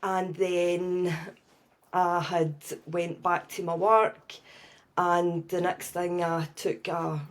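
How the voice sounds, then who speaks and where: A middle-aged Scottish woman, a podcast guest, telling a personal story in a lively way and often adding "right?". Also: on the low side, slow.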